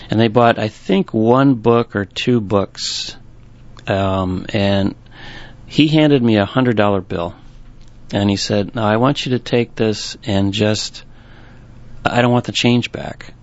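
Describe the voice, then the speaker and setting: Halting, low-voiced man telling shop stories. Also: creaky. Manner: rambling, halting, with many restarts. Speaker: bookstore owner. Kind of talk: storytelling interview. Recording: dull, lo-fi recording.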